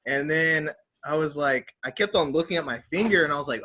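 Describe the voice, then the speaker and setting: A young man telling a story in halting, filler-heavy podcast chat. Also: fairly high pitch, sharp tone, a little hiss or hum. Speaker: podcast co-host.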